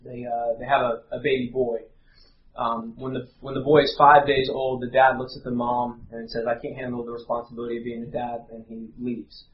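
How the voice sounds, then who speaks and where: A man, preaching a sermon in an earnest, halting way with many fillers. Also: medium pitch, level tone. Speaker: pastor. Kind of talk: sermon with prayer and storytelling. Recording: roomy, slightly dull live recording.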